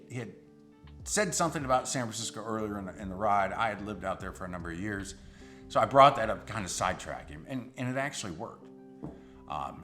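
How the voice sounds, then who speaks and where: A middle-aged man, a rideshare driver, telling a personal story in an animated, suspenseful way. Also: on the low side.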